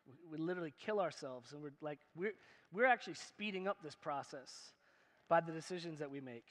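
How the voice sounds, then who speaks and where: Pastor guy preaching, high bright voice, big church echo, chatty and punchy with the crowd. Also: animated, fairly quick. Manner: emphatic and conversational, asks the crowd questions, jokes. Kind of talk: sermon. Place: church hall. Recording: long hall reverb in a church.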